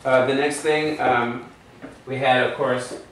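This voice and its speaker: A man's voice: medium pitch, fairly even intonation, slow pace, a bit bright, slight background noise. Man teaching a class in an echoey room. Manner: explains step by step, quizzes students. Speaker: Hebrew teacher. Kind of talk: classroom lesson. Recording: very echoey room, far from mic.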